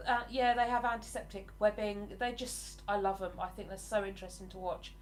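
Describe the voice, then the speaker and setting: An Englishwoman in her forties hosts a livestream, chatting casually with viewers and replying to their comments. Her mid-range voice is steady in tone and fairly quick, with slight background noise.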